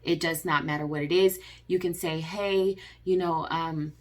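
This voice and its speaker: Low and steady in tone, this woman's voice runs a little slow. She's a vlogger giving personal advice to camera, earnest and repetitive, full of fillers and restarts.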